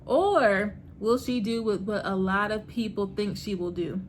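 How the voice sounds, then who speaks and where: A woman hosting her own vlog, chatting about a TV series in a lively, slangy way and laughing often. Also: medium pitch, a little slow, a little hiss or hum. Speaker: host reviewing a TV series. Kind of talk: casual TV recap vlog.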